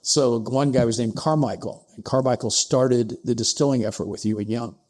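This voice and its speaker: A man telling a historical story as a podcast guest, acting out the dialogue with sudden rises in pitch. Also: moderate pace, a little mellow. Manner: acts out dialogue with pitch jumps, asides like "I'm paraphrasing". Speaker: podcast guest, distillery co-founder.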